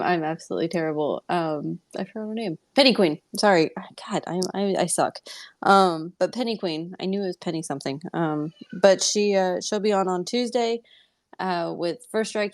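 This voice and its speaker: A woman's voice: lowish voice, darkish tone, no room sound. A woman hosting a live audio podcast, talking casually in a rambling, self-deprecating way. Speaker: podcast host.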